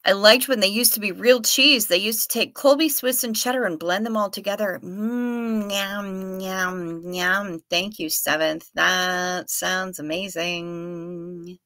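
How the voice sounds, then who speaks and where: A woman's voice: mid-range voice, fairly even intonation, slow pace, pushed and bright, no room sound. A woman with a Minnesota accent hosting a livestream, chatting casually and reading viewer comments aloud in a playful way. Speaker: livestream host.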